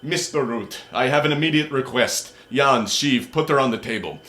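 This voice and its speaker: A man's voice: mid-range voice, moderate pace, a bit bright, natural voice. A man voicing a cold, commanding half-human tigress woman who leads a party, speaking curtly. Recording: roomy echo.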